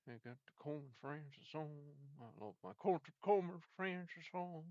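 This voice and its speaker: A man's voice: fairly high pitch, expressive, normal speed, mellow, dry recording. A man giving rambling, playful commentary over a video game, sometimes singing snippets. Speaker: game streamer. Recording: dull lo-fi dry sound.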